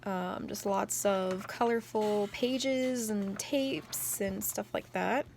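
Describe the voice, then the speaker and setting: A young adult woman chatting casually about her journal, rambling, excitable, and packing her talk with "like.". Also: mid-range voice, takes it slowly, creaky, a little hiss or hum. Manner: rambling, heavy on "like" fillers; excitable storyteller. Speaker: journal vlogger. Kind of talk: casual chat.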